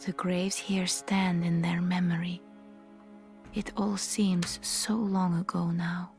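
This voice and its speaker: A gentle doll keeps to a soft, breathy whisper in a whispered role-play. Her delivery is slow and level, barely rising or falling. Faint music sits under her lines. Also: on the low side. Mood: serene. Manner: slow, solemn, even. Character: calm gentle porcelain doll woman. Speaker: game character.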